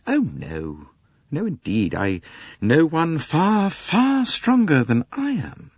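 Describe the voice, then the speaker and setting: A man's voice: fairly high pitch, huge pitch swings, slow, darkish tone, slightly rough, no echo, pitched above the performer's own voice, heavily acted. A man voicing a composed, reserved young Englishwoman who speaks in a cool, detached, politely guarded way, in a dull dry recording.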